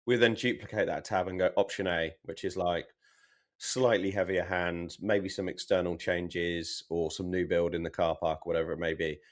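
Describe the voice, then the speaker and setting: Deep-voiced man talking shop calmly. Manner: measured, explanatory. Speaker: podcast co-host, property developer. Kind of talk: casual business chat.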